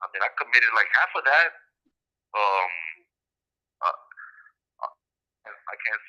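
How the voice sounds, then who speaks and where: A man with a very bright, forceful tone talks as a guest on a podcast. His speech is casual and rambling, full of street slang. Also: lowish voice, animated, a little slow, muffled recording. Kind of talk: casual conversation.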